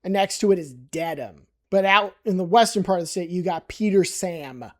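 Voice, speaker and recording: A person from New York casually explaining place-name pronunciations, wry and emphatic, repeating words slowly for emphasis. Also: mid-range voice.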